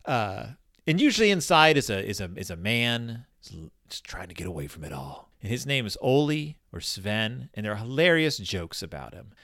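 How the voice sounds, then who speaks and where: A man's voice: lowish voice, moderate pace, dry recording, studio quality. A man joking his way through a comedic book commentary, rambling into sarcastic tangents. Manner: sarcastic, animated.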